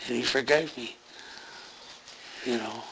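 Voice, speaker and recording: A man's voice: medium pitch, slow, bright, forceful tone, a little hiss or hum, rough recording. A man giving an earnest, rambling personal testimony about a near-death experience, full of fillers and restarts.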